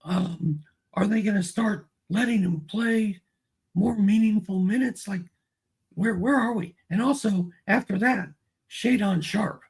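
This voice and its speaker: A man co-hosting a fantasy basketball talk show, speaking in a relaxed, casual way with some hesitation. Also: high-pitched, unhurried, slightly rough. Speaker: co-host and fantasy analyst. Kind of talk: casual chat.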